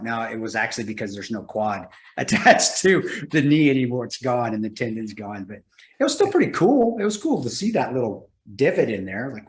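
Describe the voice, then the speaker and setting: A male guest telling a story in a casual interview, animated and laughing, slipping into other people's voices. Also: mid-range voice, a little fast, reverberant.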